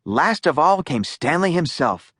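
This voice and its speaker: A woman narrating a children's audiobook in a slow, lively storytelling voice. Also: low voice, slightly rough, no room sound, clean studio sound.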